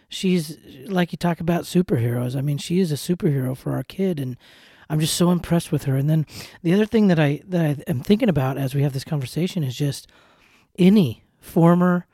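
A man in his thirties hosting a podcast interview in an earnest, heartfelt way, repeating words as he looks for the right ones. His voice is mellow and gravelly and sits a bit high for a man. The sound is dry and close. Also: no echo. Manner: earnest, repeats words while searching for them. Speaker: podcast host.

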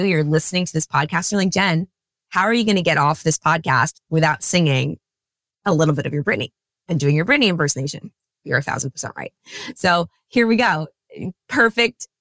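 A woman in her thirties hosting a podcast, telling a story about herself in a chatty, animated, self-deprecating way. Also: deep voice, no room sound. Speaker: podcast host. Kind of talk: casual storytelling monologue.

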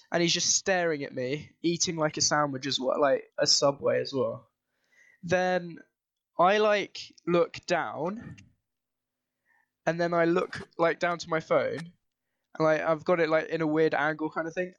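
A man's voice: on the high side, no echo. A young man hosts a casual podcast, rambling through a story with lots of filler words. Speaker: podcast host. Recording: dull lo-fi sound.

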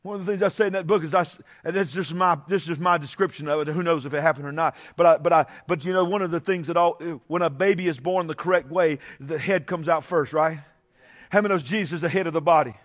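Middle-aged man, pastor in the pulpit; high voice, chatty asides building into shouted, stretched-out preaching. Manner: swings from conversational asides to shouted, drawn-out preaching. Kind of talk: Pentecostal-style preaching. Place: church sanctuary.

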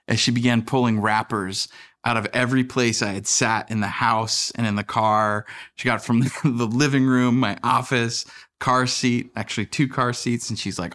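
A man's voice: medium pitch, moderate pace, a bit bright. Man in his thirties, pastor, conversational sermon delivery, self-deprecating humor.

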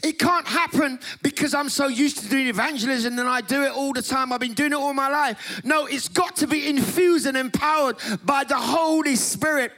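High-pitched, impassioned male preacher. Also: moderate pace, few pauses. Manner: impassioned, shouting and half-singing phrases. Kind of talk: sermon. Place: conference hall.

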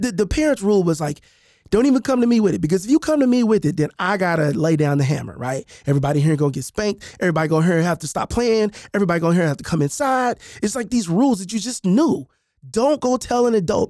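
A high-pitched man reads his own book animatedly and conversationally, making repeated asides and acting out the voices of adults and kids. The recording is dry and studio quality.

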